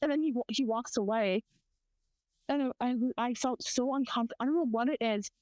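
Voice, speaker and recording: A woman's voice: on the high side, a little fast, darkish tone, dry recording. Young American woman, profane storyteller. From United States. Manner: profane, rambling storytelling with quoted voices. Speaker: podcast co-host. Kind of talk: casual chat.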